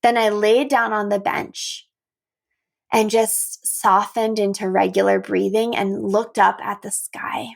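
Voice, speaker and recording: A middle-aged woman hosting a podcast, talking calmly and gently as she guides the listener through breathing practices. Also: medium pitch, slow, gravelly. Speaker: podcast host. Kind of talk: reflective solo podcast talk.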